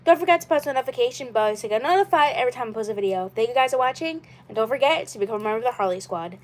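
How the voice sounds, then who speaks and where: A woman with a fairly high voice talks on her own live stream in a loose, casual way. She rambles and circles back, repeating the same phrases again and again. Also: lively intonation, very fast. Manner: rambling and repetitive. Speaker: channel host.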